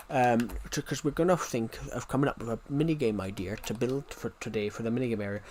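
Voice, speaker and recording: A man's voice: medium pitch, quick pace, few pauses, darkish tone, a little hiss or hum. A young British man in his twenties chatting casually on a live stream, rambling with many restarts and questions to his viewers. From United Kingdom. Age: 20s.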